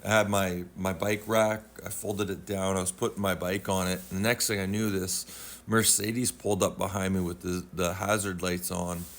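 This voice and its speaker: A man's voice: low-pitched, little pitch movement, normal speed. A middle-aged man telling a paranormal story in a rambling, conversational way, full of fillers and quoted asides.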